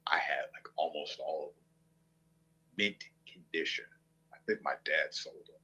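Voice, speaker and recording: Husky, forceful man ranting. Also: rumbling low, moderate pace. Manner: profane, mocking, combative. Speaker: online streamer. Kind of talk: ranting commentary to viewers.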